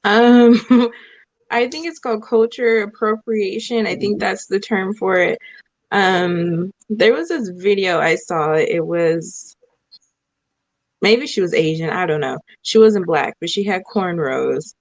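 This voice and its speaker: A woman guest speaking in a thoughtful, measured way in a casual panel discussion over a video call. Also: mid-range voice, dry recording. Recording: dull dry sound.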